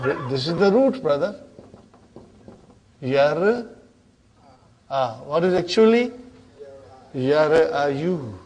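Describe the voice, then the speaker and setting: This Arabic teacher's voice is fairly high and a little mellow. During a grammar lesson he drills verb forms, checks understanding with "huh?" and "okay?", and addresses his student as brother.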